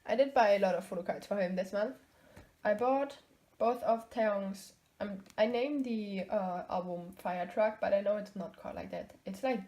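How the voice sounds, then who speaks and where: A young woman with a soft, mellow voice chatting casually in a vlog. She rambles, hesitates often with ums, and corrects herself as she goes. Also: mid-range voice. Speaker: vlogger showing her collection. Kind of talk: casual chat.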